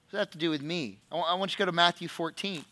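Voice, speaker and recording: Male pastor, sermon delivery, bright tone, slightly high voice, reads scripture and asks questions. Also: rapid-fire.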